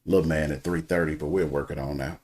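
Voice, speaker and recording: A man's voice: a bass voice, fairly even intonation, quick pace, darkish tone. A man co-hosting a casual chat among friends, dry and terse. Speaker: podcast co-host.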